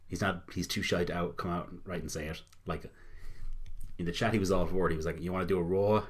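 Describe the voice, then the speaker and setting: A young man with an Irish accent chats loosely over a clip, low and husky in tone. He rambles, laughs often and drops a casual swear now and then. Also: fairly even intonation, fast. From Ireland. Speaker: reaction video host. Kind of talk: casual reaction commentary.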